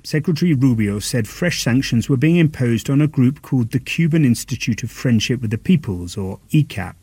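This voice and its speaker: A man correspondent delivering a scripted news report in a measured, formal manner. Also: mid-range voice, expressive, mellow, slightly rough, no echo. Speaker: foreign correspondent.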